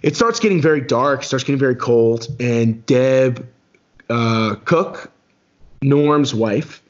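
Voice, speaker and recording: A man, a podcast guest, telling a race story in a casual, animated way that climbs high when he recalls being angry. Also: takes it slowly, dull audio. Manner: animated, rises sharply when recounting anger.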